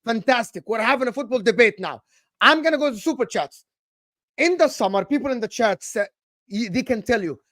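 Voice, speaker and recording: A man co-hosting a live football stream, his voice high and lively. He keeps asking the same question and restarts his sentences. The sound is dry and close. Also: no room sound. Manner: insistent, repeats questions, halting. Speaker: co-host.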